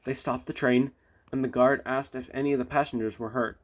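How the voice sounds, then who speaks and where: A man's voice: mid-range voice, fairly even intonation, brisk. A man reading a children's railway storybook aloud with little chatty asides. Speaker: storybook reader.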